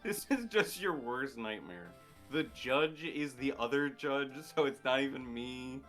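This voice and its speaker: A man co-streaming a game, teasing his partner in an excitable casual chat. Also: mid-range voice, unhurried, soft background music.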